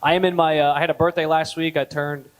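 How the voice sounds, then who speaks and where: A man in his thirties doing a stand-up comedy set at a gala, telling stories deadpan and jumping up in pitch on punchlines. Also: fast, low-quality recording. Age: 30s. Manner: deadpan storytelling, with lively jumps in pitch on punchlines. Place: gala event hall.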